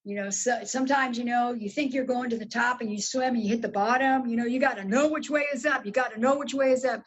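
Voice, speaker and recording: A woman guest telling a story in casual, animated talk, swearing freely and jumping up in pitch when excited. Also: fast, breathy edge, highs cut off. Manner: animated, profane, swoops high when excited.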